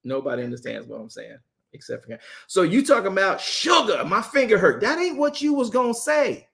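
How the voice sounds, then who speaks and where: Animated joking man teaching scripture. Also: high-pitched, fairly quick, gravelly. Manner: joking, animated, talks straight to the group; repeats himself and restarts phrases. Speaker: apostle teaching a Bible study. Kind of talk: casual Bible study teaching.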